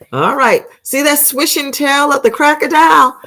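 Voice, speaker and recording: A woman reading a picture book aloud to children, animated and exclamatory, stopping to ask them questions. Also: high-pitched, moderate pace. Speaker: storytime reader for children.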